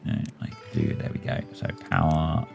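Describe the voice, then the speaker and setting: A man's voice: a bass voice, completely flat delivery, normal speed, gravelly, music in the background. A man hosting a game playthrough, musing aloud and talking himself through each choice as he plays. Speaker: let's play host. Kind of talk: thinking aloud while playing a city-building game.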